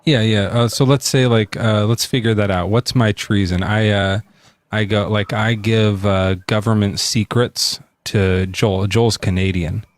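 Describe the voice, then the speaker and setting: A man hosting a casual podcast debate, loose and improvising, and quick to laugh. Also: fairly low pitch, steady tone, no room sound. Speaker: podcast host and streamer.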